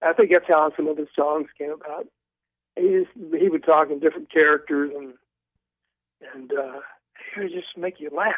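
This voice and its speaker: An older man calls in as a guest, spinning animated anecdotes and tripping over his own restarts. His voice sits a little high, and it comes through a narrow, tinny phone line with no room sound. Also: normal speed, no echo. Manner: animated storyteller, stumbling restarts. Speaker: guest author. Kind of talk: storytelling in a phone interview. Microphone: telephone.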